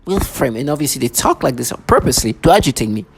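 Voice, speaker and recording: A man's voice: medium pitch, sing-song, very fast, gravelly, a little hiss or hum. A man talking to camera in an agitated, rambling monologue, often repeating and restarting his phrases. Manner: agitated, repetitive, many restarts. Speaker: vlogger.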